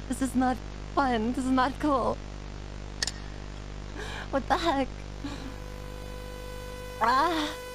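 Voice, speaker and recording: A woman streamer playing a horror game live, panicking, yelling and swearing as she runs. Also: sits high, very slow, long pauses, over music, rough recording.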